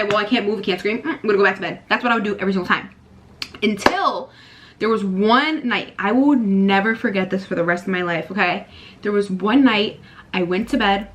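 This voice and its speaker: A young woman in her twenties chatting casually to camera, telling a personal story in an animated way and talking to her viewers as y'all. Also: medium pitch.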